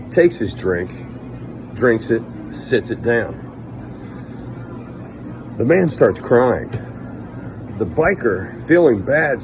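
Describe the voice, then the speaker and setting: A man's voice: on the low side, background noise. A man telling a string of bar jokes in a storytelling way, voicing the characters a little. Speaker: joke teller.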